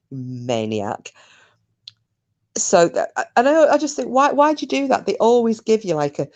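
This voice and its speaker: A woman's voice: deep voice, darkish tone. A British woman from the UK, chatting casually with viewers on her livestream, swearing and mocking scammers. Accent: British English. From United Kingdom. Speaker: livestream host. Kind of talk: casual live chat with viewers.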